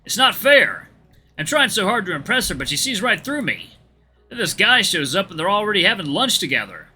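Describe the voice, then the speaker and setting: A man's voice: sits high, sing-song, fairly quick, bright, forceful tone, soft background music, pitched above the performer's own voice, exaggerated voice. A man voicing a chubby, jealous young male bull student in a whiny, aggrieved way, reading a visual novel aloud.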